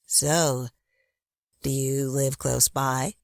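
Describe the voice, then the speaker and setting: A tall, pale stranger on a night train leans in with slow, syrupy questions, as a man puts her on. The voice sits higher than a man's usual and drags each word out. The sound is dry and close. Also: little pitch movement, gravelly, no echo. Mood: sweetly prying. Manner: slow, prying, overly sweet.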